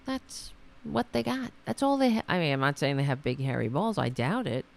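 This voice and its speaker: This political commentary host has a low, creaky voice and talks briskly and very animatedly. Sarcastic and mocking, she wanders off topic and restarts often, recorded on a computer mic during a call.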